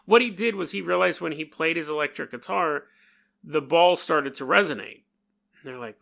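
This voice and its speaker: A man's voice: on the high side, lively intonation, moderate pace, vocal fry, pushed and bright. A man with a New York accent hosting a podcast, telling a story in a rambling, jokey way and imitating sounds. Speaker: podcast host. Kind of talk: casual storytelling monologue.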